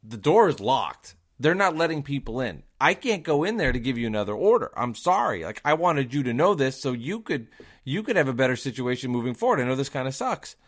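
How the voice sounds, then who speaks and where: Telling a story on his own podcast, this delivery driver gets worked up, firing rhetorical questions and lurching from loud outbursts to muttered asides. His medium-pitched voice sits in an ordinary middle range, with big pitch swings and a slightly fast pace.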